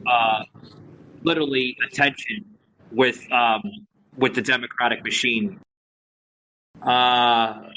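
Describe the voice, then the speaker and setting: A man's voice: mid-range voice, a bit bright, slight background noise, low-quality recording. A man from Florida co-hosting a political podcast, talking frankly in a loose conversational way with lots of fillers. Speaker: podcast co-host. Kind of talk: casual political podcast chat.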